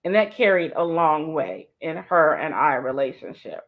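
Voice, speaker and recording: A woman's voice: deep voice, animated, moderate pace. Woman, fifties, emphatic storyteller, acts out dialogue, muffled lo-fi audio. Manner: emphatic, repeats key points, acts out quoted dialogue. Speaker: co-host sharing a personal story. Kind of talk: animated personal storytelling. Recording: dull lo-fi sound.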